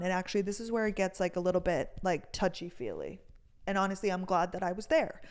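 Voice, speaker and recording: A young woman rambles through a story in loose, casual podcast chat. She leans on fillers at every turn and swears freely, and her voice sits at an ordinary middle pitch. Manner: chatty, fills with "like", swears freely. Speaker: podcast host.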